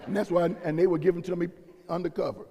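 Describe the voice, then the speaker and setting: A man preaching a sermon in a slightly high, gravelly and husky voice. His words swell and ring with the long reverb of a big sanctuary as he acts out the people he quotes. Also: steady tone, fast, warm tone. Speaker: pastor. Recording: long reverb of a large hall.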